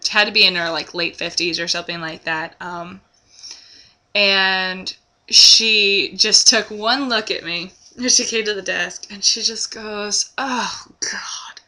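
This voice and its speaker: A young woman chatting to camera in a vlog, telling a story in an animated way with lots of ums. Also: mid-range voice, slow. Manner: animated storytelling, many fillers. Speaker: vlogger. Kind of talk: casual chat to camera.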